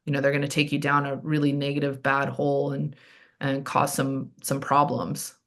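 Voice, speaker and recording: Low-voiced woman telling a story in a chatty way. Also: moderate pace. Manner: chatty, animated storytelling with frequent "like" and "um". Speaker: guest, handball player and team director. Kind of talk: casual interview chat.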